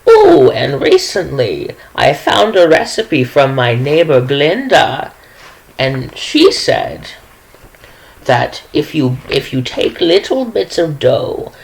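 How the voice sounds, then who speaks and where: A woman's voice: low voice, wildly swooping pitch, takes it slowly, vocal fry, darkish tone, exaggerated voice, rough recording. A woman voicing a sweet, chatty little old widow who fusses and rambles about her baking. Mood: cheerful, chatty. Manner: fussy, chatty, scattered.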